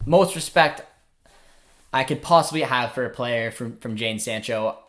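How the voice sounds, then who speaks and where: A man's voice: medium pitch, fairly bright tone. A man hosting a fan channel livestream, chatting casually and reading viewer comments aloud.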